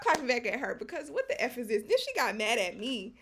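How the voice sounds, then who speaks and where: Gravelly woman telling a story. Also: fairly high pitch, moderate pace. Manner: animated storytelling with quoted dialogue and asides; casual slang fillers. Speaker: podcast co-host. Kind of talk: casual chat.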